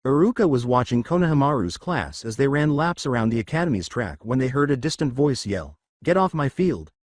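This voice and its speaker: Man reading a fan story, lively pitch. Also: brisk, no echo, clean studio sound. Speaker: narrator. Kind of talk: fan fiction read-aloud.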